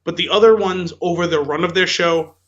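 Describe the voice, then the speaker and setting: Bright-voiced man rambling on a podcast. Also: high-pitched, brisk, dull audio. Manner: rambling, filler-heavy storytelling with frequent "like" and "um". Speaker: podcast co-host. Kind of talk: casual podcast chat.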